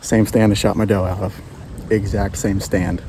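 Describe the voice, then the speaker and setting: A man speaking in a somewhat low voice, rambling excitedly to his camera as he hunts from a tree stand. He repeats himself often. Clear outdoor noise runs behind him on the camera audio. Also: moderate pace. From Pennsylvania. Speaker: bowhunter filming his own hunt. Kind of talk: casual hunting vlog to camera.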